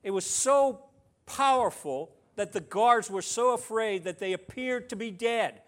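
A man with a notably high voice delivers a sermon, retelling a scripture story in a chatty, conversational way. He drops in playful, humorous asides. His delivery swings from loud emphasis down to soft near-whispers. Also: a little slow. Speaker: preacher.

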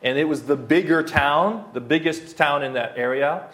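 A man in his thirties preaches an expository, verse-by-verse sermon in a fairly bright, high-leaning voice at normal speed. He speaks emphatically, repeats key phrases, and uses plenty of fillers, with roomy hall echo on the recording.

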